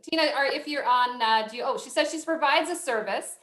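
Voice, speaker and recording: A woman's voice: high-pitched, brisk, fairly bright tone. A woman moderating a video call workshop, reading out audience questions in a friendly, chatty, sometimes apologetic way. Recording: roomy video call audio.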